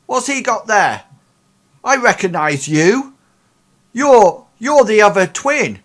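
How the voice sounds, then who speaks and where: A man's voice: high voice, animated, takes it slowly, pitched above the performer's own voice, full character voice. A man voicing a brusque male security guard who barks orders in a raised voice. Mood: alarmed. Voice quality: loud, barking orders.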